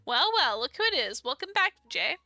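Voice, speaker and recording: Woman doing an elderly cafe owner, courteous, warm manner, dating sim, bright tone. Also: high voice, sing-song, normal speed, no room sound, faint music behind, full character voice. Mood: welcoming.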